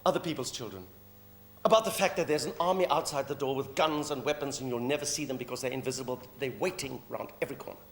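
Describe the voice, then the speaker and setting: A man's voice: medium pitch, quick pace. A middle-aged South African man performing a provocative, mocking stage comedy monologue. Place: live theatre stage. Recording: roomy live stage recording, faint hum.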